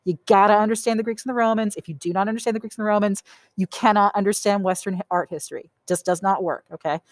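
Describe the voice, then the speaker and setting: A woman's voice: medium pitch, quick pace, dry recording. A woman teaching an art history lecture in a conversational way, often checking in with "okay?" and "right?" and repeating key points for emphasis. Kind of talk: recorded lecture.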